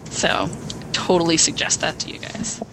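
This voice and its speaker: A young woman co-hosting a podcast, excitedly rambling through a plot retelling with acted quotes. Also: normal speed, noisy background. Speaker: podcast co-host. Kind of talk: casual chat.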